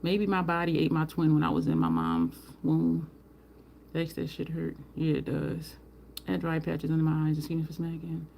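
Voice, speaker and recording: A woman's voice: sits low, normal speed, vocal fry, warm tone, a little hiss or hum. A woman hosting a casual livestream, chatting with viewers and answering their comments while she does her makeup. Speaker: livestream host.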